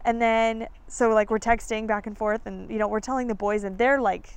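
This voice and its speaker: Woman in her 30s, podcast host, lively chatty storyteller with a slightly high, creaky voice. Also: moderate pace. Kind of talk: casual storytelling chat.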